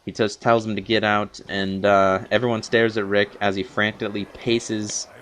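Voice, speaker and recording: Fairly low-pitched and fairly bright, this young man's voice stays level at a normal speed. He's reviewing a TV episode off the cuff, in a long, meandering recap full of fillers and false starts, a bit short of breath from talking so much.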